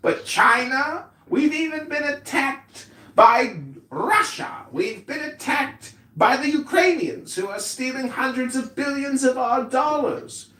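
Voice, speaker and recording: A man's voice: very high voice, slow, sharp tone, roomy sound, far from the mic. A man calling into an audio chat room, giving a mock-pompous, over-formal political rant that lectures the moderators.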